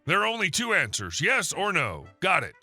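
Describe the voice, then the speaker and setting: A man's voice: sits high, wildly swooping pitch, moderate pace, pushed and bright, soft background music, heavily acted. Man voicing a smug, curt sales boss. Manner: curt, demanding. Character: smug domineering male head of sales.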